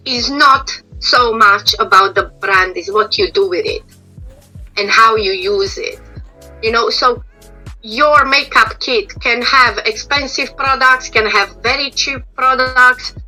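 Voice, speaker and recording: A woman's voice: fairly high pitch, slow pace, bright, forceful tone, faint music behind, poor audio. A middle-aged woman, a makeup and prosthetic artist, giving frank, explanatory advice in an interview over a video call, her voice a bit strained as she is losing it. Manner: explanatory, frank, restarts phrases. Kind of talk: casual interview answers.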